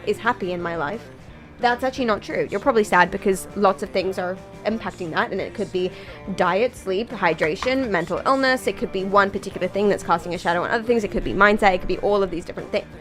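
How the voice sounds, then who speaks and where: A woman's voice: medium pitch, fairly bright tone. Tired, rambling young British woman streamer. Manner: rambling, tangential, jokey. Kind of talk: casual chat with viewers while gaming.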